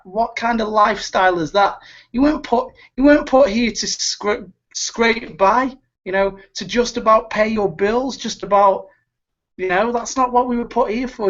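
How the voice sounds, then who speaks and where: A man's voice: high voice, fairly bright tone. Urgent, pleading man on a lo-fi call. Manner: urgent, pleading, repeats words. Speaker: webinar host. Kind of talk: motivational pep talk. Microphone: video call.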